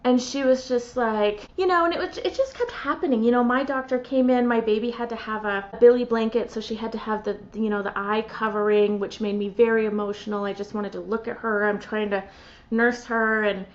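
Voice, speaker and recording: A middle-aged woman talks in a loose, animated run, stacking fillers as one thought spills into the next. Her voice sits a little high. The sound is dull and slightly muffled. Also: fairly quick. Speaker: podcast host. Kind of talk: casual conversational storytelling. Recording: muffled lo-fi audio.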